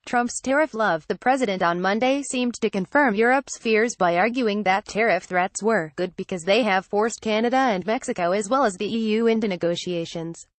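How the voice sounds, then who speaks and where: A woman narrating a trade-policy newsletter as scripted news, with a measured, even delivery. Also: medium pitch, no room sound.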